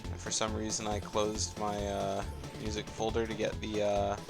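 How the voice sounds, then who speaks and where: A man's voice: on the low side, completely flat delivery, moderate pace, vocal fry. A man casting a live racing game tournament, chatty and laid-back, trailing off with fillers. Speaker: tournament caster. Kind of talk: live esports play-by-play commentary. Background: soft game music.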